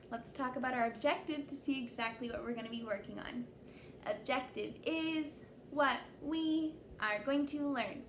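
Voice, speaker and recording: A young woman teaching young children a phonics lesson, sounding out letters slowly and praising them often. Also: a little high, slight background noise. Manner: slow, exaggerated sounding-out of letters; encouraging, praising. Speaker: kindergarten teacher.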